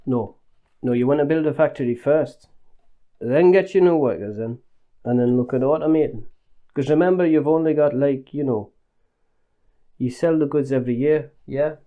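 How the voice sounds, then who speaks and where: A man voicing a boastful factory owner chatting on the phone, with a deliberately put-on regional accent and breezy, cheeky banter. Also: a little high, phone-quality sound, pitched above the performer's own voice.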